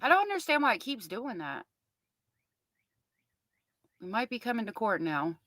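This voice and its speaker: A woman's voice: fairly high pitch, sing-song, normal speed, a bit bright, poor audio. A middle-aged woman hosting a casual livestream, chatting with viewers and reading their comments aloud. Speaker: livestream host covering a trial.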